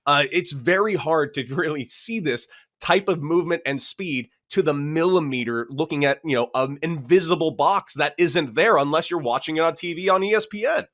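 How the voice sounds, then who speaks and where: A man in his thirties, a former pro ballplayer on a sports talk show, telling stories with lively, animated delivery. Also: a little high, moderate pace. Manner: lively, animated storyteller, acts out both sides of arguments. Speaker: former pro baseball catcher, show panelist. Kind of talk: casual sports talk storytelling.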